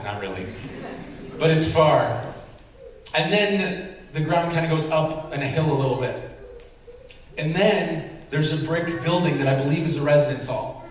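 A pastor preaches in a large church sanctuary, recorded from a distance so his somewhat high voice carries a long, echoey hall reverb over a faint hum of room noise. In his sermon he tells a lively story with self-deprecating humor, acting out his own reactions.

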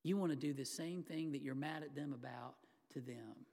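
A man's voice: medium pitch, moderate pace, vocal fry, a little mellow. A man preaching a sermon as pastor, talking conversationally to the congregation and acting out the quoted lines. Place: church sanctuary. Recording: long hall reverb.

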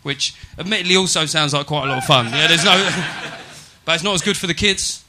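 Brash guy doing stand-up, super bright voice, swears a lot. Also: medium pitch, steady tone, fairly quick, few pauses, slight background noise. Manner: brash, swearing, mock-serious. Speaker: stand-up comedian. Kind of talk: stand-up set. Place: comedy venue.

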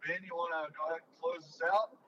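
A man co-hosting a podcast from a moving vehicle, talking in a casual, teasing way with drawn-out fillers. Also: a little high, fairly even intonation, bright, forceful tone, dull audio. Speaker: podcast co-host. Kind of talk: casual chat.

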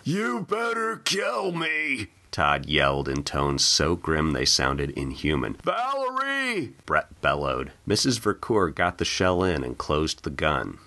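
A man reading his own short story aloud in an expressive, animated narration. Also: very deep voice, unhurried, few pauses. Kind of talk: audiobook narration.

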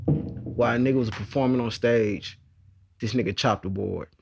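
A man's voice: medium pitch, moderate pace, gravelly, noisy background. A man co-hosting a podcast, telling stories loosely and laughing often. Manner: laughs a lot, loose storytelling. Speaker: podcast co-host. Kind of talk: casual chat.

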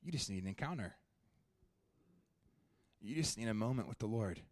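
A young man preaching a sermon at a church, shifting from animated, joking storytelling to quiet, prayerful ministry. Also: fairly low pitch, moderate pace, no echo, studio quality. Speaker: guest preacher.

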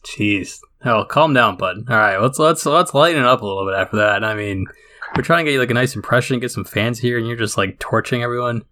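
A man's voice: medium pitch, fast, pushed and bright. A man hosting a podcast, trading playful, teasing banter with his guest. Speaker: podcast host. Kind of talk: podcast chat.

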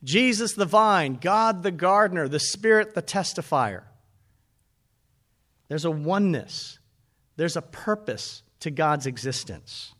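A pastor delivers a sermon with animation, calling out to his congregation. His voice is fairly high and his delivery a little slow.

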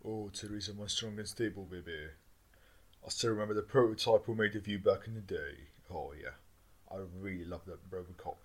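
A man voicing a smarmy male political husband in a low, drawling croon. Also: normal speed. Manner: low crooning, drawling every line with baby.

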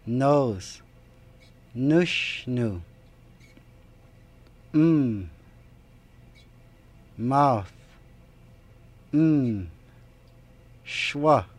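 A man in a language lesson, saying each word and its translation slowly and deliberately. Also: medium pitch. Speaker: language teacher. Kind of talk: pronunciation drill.

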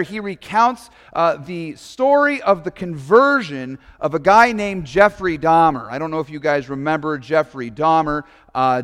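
A man's voice: a little high, fairly bright tone, clean tone, long reverb tail. A man, a pastor, preaching a sermon in a conversational, storytelling way with casual asides.

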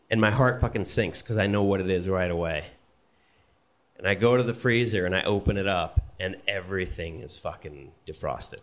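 A man telling a personal story on stage at a live event, animated and profane, often laughing as he talks. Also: fairly low pitch.

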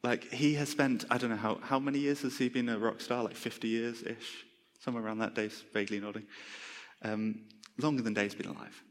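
A man preaching a sermon in a chatty, self-mocking tone, his voice sitting at an ordinary middle pitch. The long reverb of a large hall trails after his words. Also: fairly even intonation, a little fast. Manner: conversational, self-deprecating humour.

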